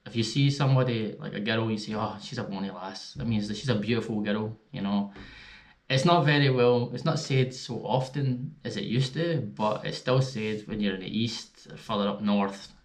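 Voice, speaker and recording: A man's voice: fairly low pitch, normal speed. A Scottish man vlogging at home, casually explaining slang in a chatty, easygoing way. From Scotland. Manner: chatty, easygoing, laughs at his own examples. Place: indoors at home.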